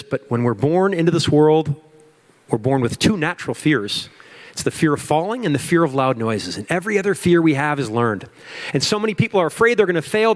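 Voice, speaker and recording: A man giving a motivational keynote to an audience, with emphatic repetition and storytelling. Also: on the high side. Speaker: keynote speaker. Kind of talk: motivational speech.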